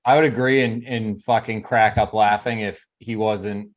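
A man's voice: lowish voice, steady tone, normal speed. A man chatting on a podcast, blunt and incredulous. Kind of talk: casual chat.

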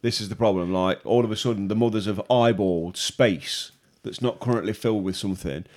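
A man's voice: on the low side, a little fast, a little mellow. A man, co-hosting a podcast in casual, joking banter. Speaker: podcast co-host.

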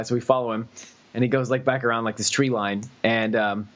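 A man's voice: medium pitch, fairly even intonation, fast talker, dull audio. A man from Florida telling a long story on a casual podcast, rambling with lots of "like" and "you know". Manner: rambling, full of "like" and "you know", laughing at his own story. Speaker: podcast co-host.

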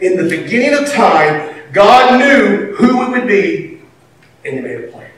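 A man preaching a sermon, animated, swinging from quiet to shouting and laughing between lines. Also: high-pitched, unhurried. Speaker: pastor. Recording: echoey hall from far off, faint background noise.

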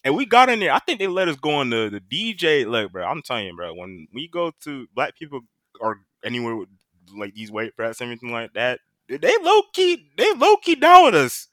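A young man in casual podcast chat, telling animated, slang-filled stories about college parties. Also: medium pitch, brisk, no echo, studio quality. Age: young adult. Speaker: podcast co-host.

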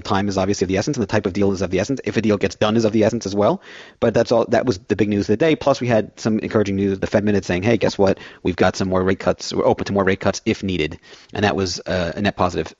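A man's voice: on the low side, no room sound, dull audio. A man filling in as host of a financial radio show, rambling through everyday analogies.

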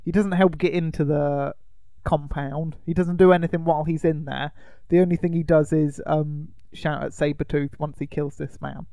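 Man co-host, meandering casual recap, gravelly and fairly high, dry close mic. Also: fairly even intonation, moderate pace, few pauses, warm tone, no room sound. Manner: rambling, with many ums and uhs. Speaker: podcast co-host. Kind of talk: casual chat recapping a film.

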